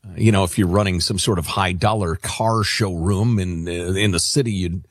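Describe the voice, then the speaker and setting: A man's voice: low voice, moderate pace, dry recording, clean studio sound. A man co-hosting a talk radio show, trading sardonic jokes in casual banter.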